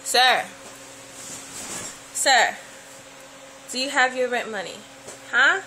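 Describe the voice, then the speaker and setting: A woman's voice: sits high, takes it slowly, long pauses, sharp tone, a little hiss or hum, poor audio. A woman filming her dog with a handheld camera, teasing and playfully baby-talking to him. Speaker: pet owner vlogger. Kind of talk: casual home video talking to a pet. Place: home and outdoors by the house.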